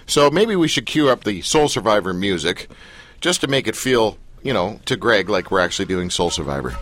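A man hosting a casual radio talk show, jokey and lively. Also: on the low side, faint music behind. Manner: jokey, animated, does quick comic voices.

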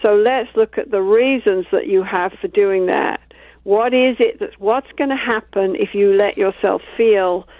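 A woman talks calmly about her work as a couples therapist, walking through examples from sessions. Her voice comes through a narrow, tinny line with a dry sound. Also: medium pitch, unhurried, no room sound. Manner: calm, explains with acted-out examples. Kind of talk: interview conversation.

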